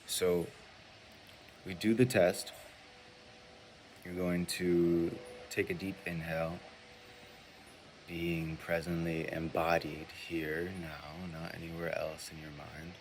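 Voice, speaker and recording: Man, very low voice, calm instructional tone, slow and deliberate, repeats phrases, faint background hiss. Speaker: spiritual mentor teaching muscle testing.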